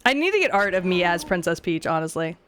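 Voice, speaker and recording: A woman's voice: on the low side, quick pace. Giggly, foul-mouthed woman streaming a game. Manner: animated, giggly, swears a lot, reads dialogue aloud. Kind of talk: casual let's-play commentary. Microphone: desk mic with webcam. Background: faint game music.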